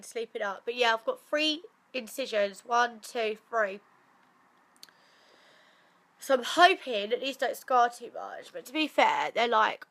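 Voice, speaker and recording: A woman's voice: on the high side, a bit bright. Congested young woman vlogging. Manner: chatty, swears freely, laughs often. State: blocked nose after surgery. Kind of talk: casual vlog to camera.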